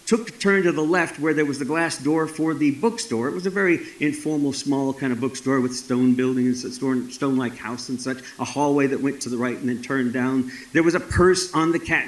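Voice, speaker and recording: A man's voice: on the high side, normal speed, hardly any pauses, reverberant, rough recording. A man in his sixties from Texas, telling a story live at a festival in a folksy, dramatic way with wry asides. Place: festival stage.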